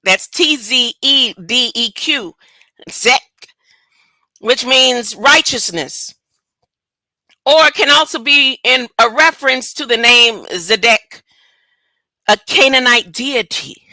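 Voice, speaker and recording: A woman's voice: fairly high pitch, expressive, sharp tone, no echo. A woman teaching a casual Bible study, reading a text aloud and breaking off into chatty asides and rhetorical questions. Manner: drawn-out, stop-and-start delivery. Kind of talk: casual scripture reading with commentary.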